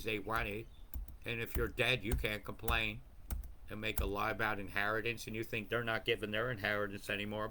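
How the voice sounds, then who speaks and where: A man hosting a rambling weather livestream, profane and excitable, jumping between topics. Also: on the low side, slight background noise. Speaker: weather channel host.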